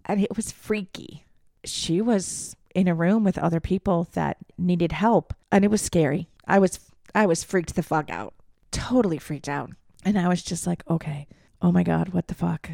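A woman's voice: lowish voice, normal speed, gravelly, mellow, dry recording, studio quality. A young adult woman hosting a podcast, telling a personal story candidly, swearing freely and acting out what people said. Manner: candid, swears freely, acts out quoted voices. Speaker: podcast host.

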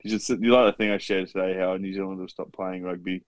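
A man's voice: deep voice, level tone, fast, dry recording. An Australian man co-hosting a podcast, bantering bluntly with swearing and trailing ums. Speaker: podcast co-host. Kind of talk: casual chat.

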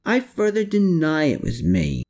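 A slippery, sardonic lawyer under questioning, put on by a male audiobook reader, his voice pitched higher than the reader's own and swinging up and down a lot. He fends off every question with dry, defensive quips. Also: sing-song, unhurried, creaky, a little mellow, heavily acted. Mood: wry, defensive.

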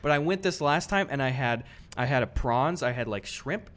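A young man with a mid-pitched voice co-hosting a podcast. He rambles in a relaxed, conversational way, cursing casually as he talks. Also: moderate pace. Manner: laid-back, swearing, rambling. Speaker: podcast co-host. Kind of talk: casual chat.

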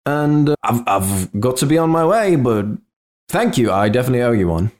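A man's voice: medium pitch, sing-song, fairly quick, darkish tone, natural voice. A man voicing a cheerful male bird creature with a mechanical wing, grateful and stammering.

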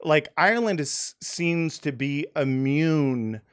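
A man's voice: a little high, lively intonation, takes it slowly, clean tone. Rambling, laughing podcast host man. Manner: rambling, filler-heavy, laughs easily. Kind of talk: casual conversation.

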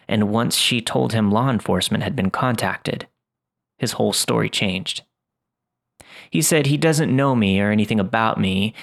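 A man reading first-person horror stories aloud in a steady, scripted narration. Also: on the low side, vocal fry.

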